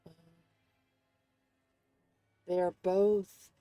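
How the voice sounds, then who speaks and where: A woman's voice: lowish voice, little pitch movement, drawn-out words, no echo, dull audio, faint music behind. A woman streaming a game and commenting casually, often rambling and searching for words.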